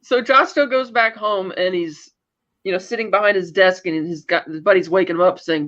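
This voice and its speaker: A woman's voice: lowish voice, moderate pace. A woman co-hosting a podcast, recapping a story in casual chat and acting out the characters' lines with laughs. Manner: animated retelling that acts out quoted lines, with laughs. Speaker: podcast co-host. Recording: dull lo-fi sound.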